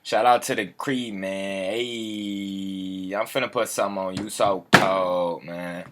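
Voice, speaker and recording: Low-voiced man greeting his livestream viewers. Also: fairly even intonation, slow pace. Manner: slangy, repeats catchphrases, shouts out viewers by name. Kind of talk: casual livestream chat.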